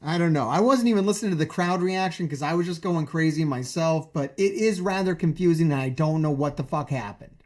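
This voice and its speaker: A man streaming, ranting about a wrestling show in a profane, excitable way, full of incredulous questions. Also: on the high side, brisk, hardly any pauses.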